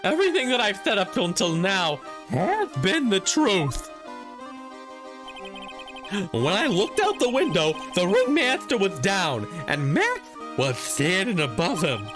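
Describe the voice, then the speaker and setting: A man's voice: high-pitched, wildly swooping pitch, measured pace, music in the background, heavily acted. A man voicing a glum male circus clown in a video game, telling his story with overly earnest drama. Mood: dramatic.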